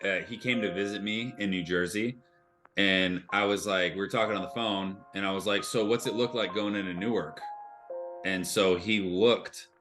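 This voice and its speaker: Low voiced dude cohosting a podcast, cussing, music playing clearly behind. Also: male voice, fairly even intonation, normal speed. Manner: chimes in with asides, profane. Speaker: podcast co-host. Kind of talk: casual chat.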